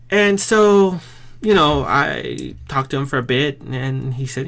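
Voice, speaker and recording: A man's voice: medium pitch, sing-song, slow, vocal fry, a bit bright. A man talking straight to camera in a casual, rambling vlog, self-deprecating and often restarting his sentences. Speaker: vlogger.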